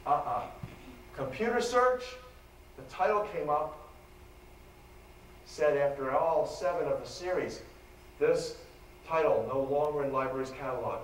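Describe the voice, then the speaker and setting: A man giving a live lecture, telling a story in an animated, dramatic way. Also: mid-range voice, measured pace, pauses often. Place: lecture hall. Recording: echoey hall, distant mic, faint noise.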